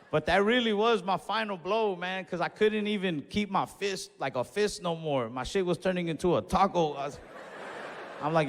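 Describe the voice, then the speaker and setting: A young man telling a stand-up story in a laid-back, swearing way, acting out his own yells. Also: sits high, moderate pace, a little hiss or hum. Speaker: stand-up comedian. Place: comedy club stage. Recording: live stage recording in a reverberant hall.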